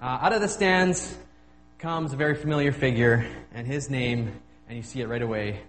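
A man preaching a relaxed, halting sermon with self-deprecating humor, at a medium pitch. His voice carries a long hall reverb, and a faint hum sits underneath it. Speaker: guest preacher.

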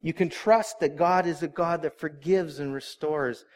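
Male pastor, middle-aged, slightly high-pitched, earnest sermon delivery with congregational asides. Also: unhurried.

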